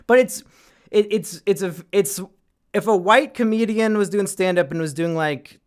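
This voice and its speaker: A man's voice: high voice, moderate pace, clean tone. A young man in casual chat, rambling through a film plot and swearing often. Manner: rambling, swears often, trails off into quiet asides. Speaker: podcast co-host reviewing films.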